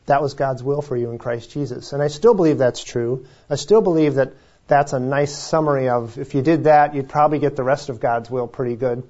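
A man's voice: medium pitch, dark tone, highs cut off. A man preaching a sermon as pastor, in a conversational, self-deprecating way with frequent asides.

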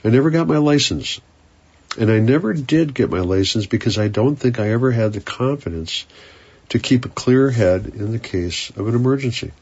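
A man preaching a sermon in an earnest, unhurried way, sometimes repeating words as he searches for them. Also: medium pitch, expressive, a little mellow, husky, dull audio.

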